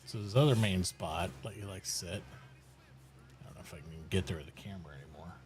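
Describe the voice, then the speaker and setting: A man streaming casually from home, chatting and talking fondly and softly to his dog. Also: sits low, a little fast, slight background noise, rough recording. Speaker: live streamer. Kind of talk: casual chat while streaming.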